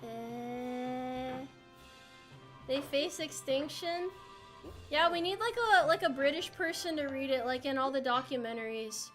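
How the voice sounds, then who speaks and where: A young American woman with a high, bright voice chats playfully with her stream audience while she plays. She rambles and jokes, answering chat as she goes. Faint music runs quietly behind her. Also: measured pace. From United States. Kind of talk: casual live-stream chat while gaming.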